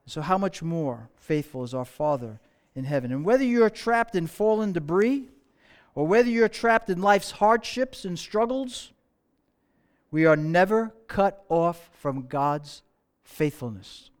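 Man, preacher, sermon storytelling, high voice, resonant, dramatic pauses. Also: expressive. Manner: slow dramatic pauses, dropping to soft tones.

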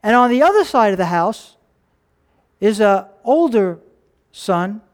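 Speaking at a measured pace in a high-pitched voice, a man preaches as pastor. His sermon is animated storytelling in which he performs the characters' parts and poses questions to the congregation.

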